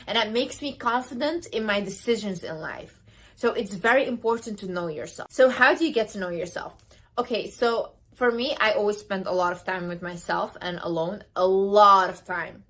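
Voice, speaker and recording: A woman in her twenties giving casual motivational advice to camera, emphatic and sassy, repeating words for emphasis. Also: mid-range voice. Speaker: self-help vlogger.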